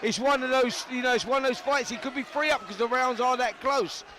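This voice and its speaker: High-voiced Cockney boxing commentator. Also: male voice, fairly even intonation, brisk. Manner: chatty, matey, repeats himself. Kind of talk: live ringside commentary. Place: boxing arena.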